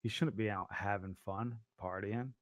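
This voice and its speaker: A man's voice: fairly low pitch, steady tone, normal speed, fairly bright tone, dry recording. A man co-hosting a gaming podcast, blunt and profane, teasing his friend in casual chat. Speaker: podcast co-host.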